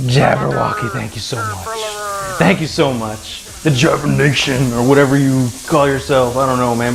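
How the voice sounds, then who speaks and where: This time the livestream cook's voice sounds a little high and gravelly. Chatting loosely from his home kitchen, he cracks jokes, gets excited, and gives shout-outs and thanks to viewers by name.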